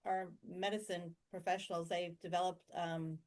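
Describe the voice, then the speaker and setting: A woman's voice: fairly low pitch, level tone, moderate pace, crowd noise. A woman hosting a podcast interview, asking her guest questions in an engaged, affirming way. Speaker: podcast host. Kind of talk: interview conversation.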